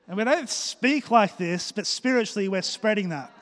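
Aussie pastor guy preaching, playful, acts stuff out, high voice, echoey church hall. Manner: lively, joking preacher who acts out little scenes. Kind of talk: sermon.

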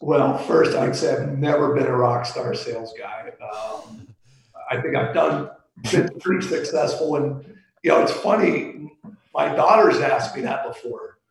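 A middle-aged man from Pittsburgh, a sales executive guest, telling golf stories in a relaxed, anecdotal way with lots of fillers. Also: a little high, measured pace, vocal fry, echoey room, poor audio. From Pittsburgh, USA. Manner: warm anecdotal, chuckles, trails off with fillers. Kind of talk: casual storytelling.

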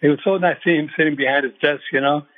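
An older man, a retired boxing referee, speaking as a radio show guest and recalling things in a halting way with many fillers and restarts. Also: a little high, fairly even intonation. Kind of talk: phone-in radio interview. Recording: tinny phone line.

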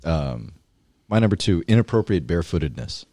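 A man's voice: deep voice, very animated, brisk, warm tone, no room sound, clean studio sound. A man co-hosting a podcast, complaining with profanity as he tells a story. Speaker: podcast co-host. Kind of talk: casual chat.

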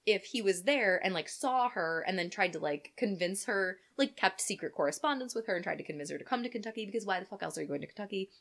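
A woman's voice: medium pitch, lively intonation, fast talker, hardly any pauses, fairly bright tone. A woman co-hosting a podcast, telling a true-crime story in a casual chat, laughing and swearing. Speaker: podcast co-host.

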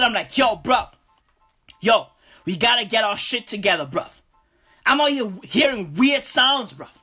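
A woman's voice: a little high, pushed and bright, breathy edge, full character voice. A woman playing a boastful, foul-mouthed male street bro who talks in cursing slang and keeps saying "bruv", in a comedic character monologue.

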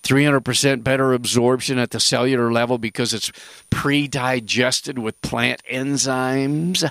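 Radio health host, male, gravelly, dry close sound, rambling and jokey. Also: medium pitch, fairly even intonation, a little slow, fairly bright tone, dry recording. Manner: rambling, jokey, emphatic asides. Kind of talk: casual radio talk.

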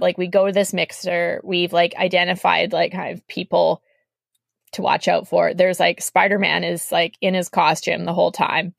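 A woman from Canada tells a story on a podcast in an animated, chatty way, filling her speech with "like" and acting out the people she quotes. Her voice has a gravelly fry. The recording is dry and close. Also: on the low side, dry recording. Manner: animated, acts out quoted voices, heavy use of "like". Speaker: podcast guest. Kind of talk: casual storytelling.

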